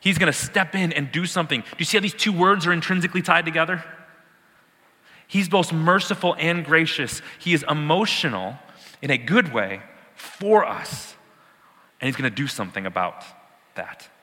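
A man's voice: fairly high pitch, normal speed, sharp tone, in a large hall. A man teaching a sermon, explaining words with emphatic repetition and the odd laugh. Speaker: preacher.

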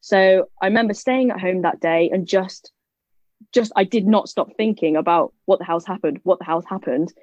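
A woman's voice: on the low side, darkish tone, dry recording, dull audio. A young woman, a guest telling her story in a casual interview, chatty and full of "like" and "literally". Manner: chatty storytelling, quick asides, many "like" and "literally" fillers.

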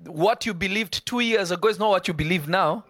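A man preaching a live sermon, emphatic and conversational, breaking into quick asides. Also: sits high, fairly bright tone, no echo.

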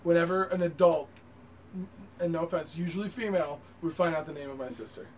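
A man's voice: a little high, a little fast, a little hiss or hum. A man co-hosting a casual group chat, telling jokey stories and laughing often. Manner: laughing often, joking storyteller. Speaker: podcast co-host.

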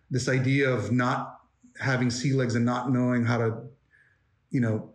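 A man's voice: medium pitch, vocal fry. Forties guy from New York, guest on a chat show, loose and rambling, mid-range voice, roomy sound. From New York, United States. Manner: rambling, many fillers and restarts. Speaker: interview guest, animation story artist. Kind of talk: casual interview chat. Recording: roomy echo.

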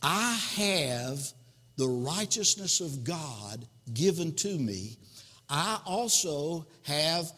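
A man's voice: fairly high pitch, expressive, very slow, sharp tone, husky. A male pastor preaching a sermon, reading scripture verses and explaining them. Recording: long hall reverb.

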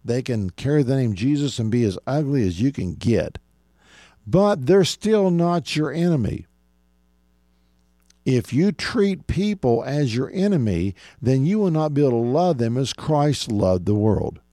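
A male pastor gives a Bible teaching on the radio in a warm, mellow voice at an ordinary middle pitch. He preaches earnestly, leaning on repeated phrases and swinging his pitch up and down for emphasis. The sound is close and dry. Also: no echo.

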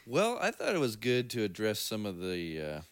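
A man's voice: lowish voice, wildly swooping pitch, moderate pace, clear, resonant tone, dry recording, studio quality. A man co-hosting a casual faith podcast, telling stories with plenty of fillers and easy laughs. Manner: storytelling, laughs easily, trails off with fillers. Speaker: podcast co-host. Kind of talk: casual chat.

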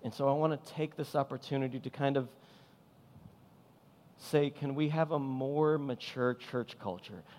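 A man's voice: mid-range voice, normal speed, a little mellow. A man preaching a sermon as pastor, impassioned and emphatic, driving points home with repeated phrases. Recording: long hall reverb.

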